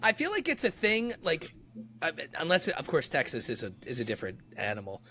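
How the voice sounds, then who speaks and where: Excitable high-voiced man in casual podcast chat. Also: brisk, a little hiss or hum. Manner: excitable, laughs loudly, curses freely. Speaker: podcast co-host.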